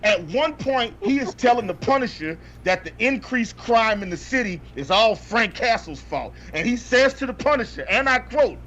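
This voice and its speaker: A man with a high-pitched voice tears into a movie in a comedic, profane rant, hammering his points with repeated catchphrases. The audio is dull and lo-fi with a faint hiss underneath. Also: animated, moderate pace, few pauses, sharp tone. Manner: exasperated, profane, repeats punchlines for emphasis. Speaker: podcast co-host reviewing movies. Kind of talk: comedic ranting movie review.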